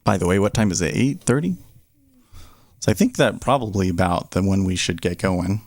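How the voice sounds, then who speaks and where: A man's voice: low-pitched, moderate pace, a little mellow, no room sound. A man hosting a day-trading livestream, chatting casually in a rambling, offhand way and talking to his baby in between.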